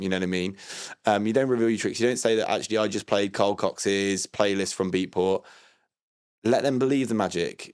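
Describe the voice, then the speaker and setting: A man hosting a livestream, rambling in a deadpan way with lots of ums and restarts. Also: medium pitch, clean tone. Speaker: livestream host doing a comedy DJ character. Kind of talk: deadpan improvised livestream comedy.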